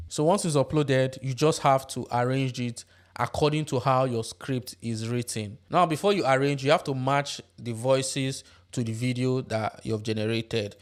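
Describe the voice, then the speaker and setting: A man hosting a tutorial, explaining software steps one by one and checking in with tag questions. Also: medium pitch. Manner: step-by-step instructive, tag questions. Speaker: tutorial host. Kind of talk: screen-recorded software tutorial.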